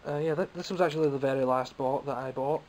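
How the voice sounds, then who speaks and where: A man's voice: mid-range voice, steady tone, fast talker, darkish tone, a little hiss or hum, poor audio. Rambling Scottish man showing toys. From Scotland. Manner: chatty, rambling, self-mocking. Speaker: toy collector vlogger. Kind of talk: casual show-and-tell vlog.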